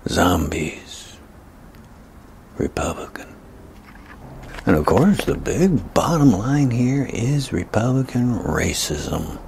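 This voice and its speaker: A man giving a ranting political commentary, emphatic, often dropping into breathy whispered asides. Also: on the low side, very animated, takes it slowly, few pauses, a little mellow, slight background noise.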